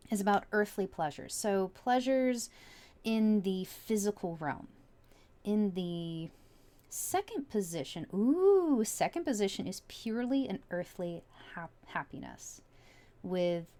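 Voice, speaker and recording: A woman's voice: medium pitch, dark tone. Chatty woman giving a tarot reading. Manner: chatty, musing aloud with many likes and you-knows. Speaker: tarot reader. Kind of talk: casual spoken tarot reading. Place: home.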